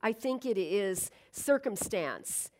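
A woman's voice: medium pitch, lively intonation, takes it slowly, a little mellow. A middle-aged woman giving an earnest, reflective inspirational talk, with fillers and restarts. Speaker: speaker.

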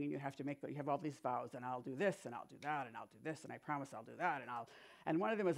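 A woman giving a sermon in a chatty, animated storytelling manner, with frequent asides. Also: low-pitched.

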